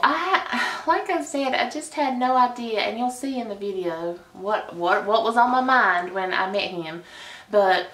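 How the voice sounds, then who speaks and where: Woman vlogger, gushing chatty storyteller, mid pitch, echoey room. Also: fairly bright tone. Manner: chatty and gushing, with sighs and laughs. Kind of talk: casual storytime.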